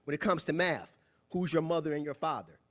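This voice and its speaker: A young man giving a preachy, animated motivational talk at a club meeting, acting out quoted voices. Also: fairly high pitch, brisk. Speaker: guest speaker. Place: meeting room.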